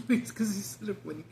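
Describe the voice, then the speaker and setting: A woman's voice: medium pitch, gravelly, mellow, slight background noise. A woman chatting casually as a vlogger, talkative, swearing freely and laughing often. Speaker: mukbang vlogger. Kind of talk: casual chat.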